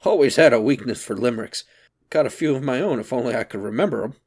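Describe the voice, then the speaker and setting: A man's voice: mid-range voice, fast, a little mellow, slightly rough. A man reading aloud, voicing a thin, crouched old grandfather who wheezes and grates with mischievous glee. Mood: amused. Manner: wheezy, grating, chuckling.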